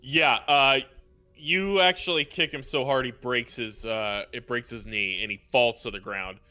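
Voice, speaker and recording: A man narrating a tabletop role-playing game as game master, chatty and quick to laugh. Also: medium pitch, bright, forceful tone, soft background music. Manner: laughs often, loose and chatty.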